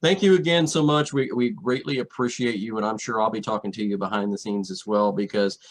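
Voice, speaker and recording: A man's voice: lowish voice, a little fast, rough recording. A man hosting a radio talk show in casual chat, thanking guests with lots of "uh" fillers.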